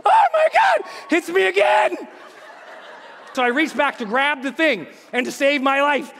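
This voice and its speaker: High-voiced animated male motivational speaker. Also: measured pace, creaky. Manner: animated, acts out voices and screams. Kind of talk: storytelling keynote. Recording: live hall reverb, faint noise.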